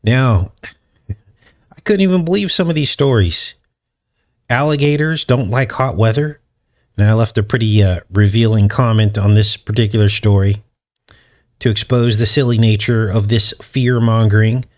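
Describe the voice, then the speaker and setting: A man's voice: on the low side, normal speed, a little mellow. A man hosting his channel, talking through a casual commentary monologue in a sarcastic, mocking way and chuckling often. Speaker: channel host.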